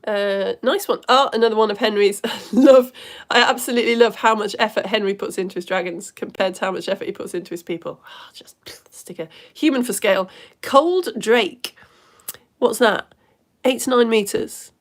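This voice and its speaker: A woman from the UK greeting young viewers by name during a live-streamed lesson, swinging between excited hellos and quiet asides. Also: mid-range voice, normal speed.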